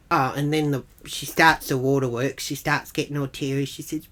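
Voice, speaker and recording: A woman's voice: low-pitched, moderate pace, few pauses. A middle-aged Australian woman telling a comic story in a blunt, gossipy, dramatic way, swearing freely. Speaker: comic character monologuist.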